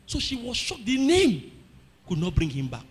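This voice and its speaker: A man with a Nigerian accent preaching a sermon, telling stories and breaking into shouted emphasis. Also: extremely high pitch, huge pitch swings, normal speed, slightly rough. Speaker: pastor.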